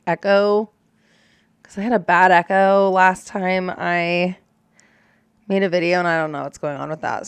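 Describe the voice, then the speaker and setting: A woman's voice: medium pitch, smooth, no echo, clean studio sound. A young adult woman who is a storm chaser, talking candidly and emotionally in a casual reaction chat, swearing and using lots of fillers.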